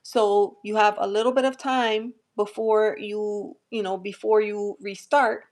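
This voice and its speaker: A woman with a light New Jersey accent speaks in an unhurried, gentle way, reassuring her viewers during a live tarot stream. Her talk is loose and chatty, full of fillers and small restarts, at a mid pitch. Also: steady tone. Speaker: tarot reader hosting a livestream. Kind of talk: live-stream chat and readings.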